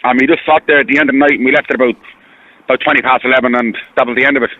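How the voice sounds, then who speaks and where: An Irish man speaks fast over a tinny phone line. He rambles, repeats himself and sounds earnest and hurt. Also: medium pitch, steady tone, no echo. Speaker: caller. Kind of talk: phone-in radio call.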